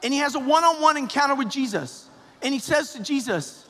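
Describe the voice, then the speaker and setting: Male priest, sermon delivery, very high pitch, conversational with emphatic peaks, reverberant church. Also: expressive, a little fast, fairly bright tone. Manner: conversational, repetitive, rising to emphatic calls. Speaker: parish priest.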